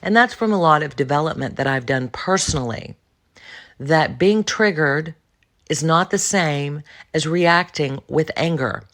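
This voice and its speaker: A woman's voice: low voice, measured pace, fairly bright tone. A woman hosting a solo podcast, giving a blunt, emphatic, self-assured monologue on personal development. She repeats words for emphasis and talks straight to the listener. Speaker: podcast host.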